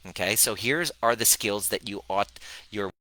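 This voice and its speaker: Bright, energetic male coach on a live stream. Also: on the low side, normal speed, rough recording. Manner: energetic, acts out clients' voices, many restarts.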